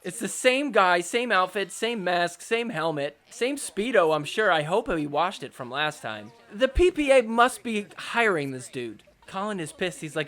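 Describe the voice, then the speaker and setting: A young man hosting a podcast, recapping match footage in a joking, excitable way with mock outrage. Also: high-pitched, moderate pace, few pauses. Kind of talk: casual sports recap commentary.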